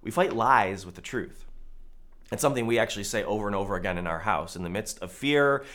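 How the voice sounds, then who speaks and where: A male pastor preaching a sermon in a conversational way, with loud emphatic peaks and quiet, low asides. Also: animated, a little fast.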